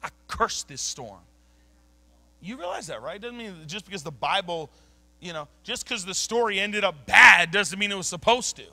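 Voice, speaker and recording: Bright-voiced preaching pastor, man. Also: sits high, lively intonation, brisk, no room sound. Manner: emphatic, conversational preaching with slang. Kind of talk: sermon. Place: church sanctuary.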